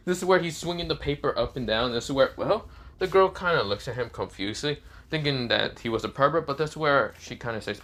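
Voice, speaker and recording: A man's voice: medium pitch, expressive, fairly quick, a bit bright. A man casually narrating a fan-fiction story, rambling with many fillers and swearing now and then.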